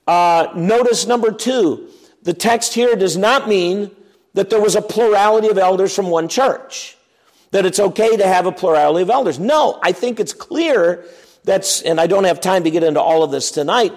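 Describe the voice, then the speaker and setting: A man preaching an expository sermon as pastor, emphatic and animated, acting out objections and dropping to quiet asides. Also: sits high. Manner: animated, emphatic, swings between loud and quiet; acts out quoted objections.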